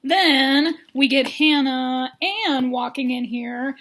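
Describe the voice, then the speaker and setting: A woman's voice: sits high, fairly even intonation, slow, fairly bright tone. A woman giving a rambling, jokey recap of a dating show using toy figures. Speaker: recap vlogger.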